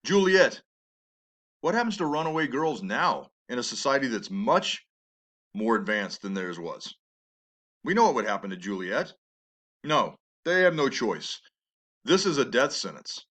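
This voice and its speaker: A man's voice: mid-range voice, sing-song, unhurried, pauses often, a bit bright. A man teaching a play, reading it aloud and commenting in an emphatic, conversational way with rhetorical questions.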